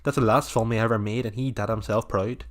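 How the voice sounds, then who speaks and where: Low-voiced man, chatty. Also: fairly even intonation, a little fast, a bit bright. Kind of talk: casual chat about films.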